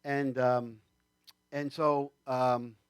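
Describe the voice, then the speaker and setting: A man's voice: mid-range voice, flat delivery, very slow, smooth, no echo. A man preaching a sermon in a church, conversational and rambling, with many fillers and asides. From New York State. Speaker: pastor.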